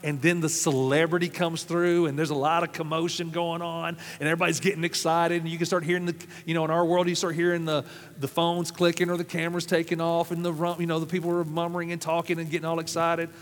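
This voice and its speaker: A pastor from Arkansas, preaching a sermon with folksy, humorous storytelling. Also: male voice, on the high side, completely flat delivery, quick pace. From South Arkansas, USA. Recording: long hall reverb.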